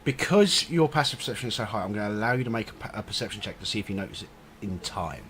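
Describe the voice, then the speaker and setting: Casting note: male game master, animated pitch, easygoing and halting, some background noise. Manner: relaxed, hesitant with fillers. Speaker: dungeon master. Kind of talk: narrating a tabletop game.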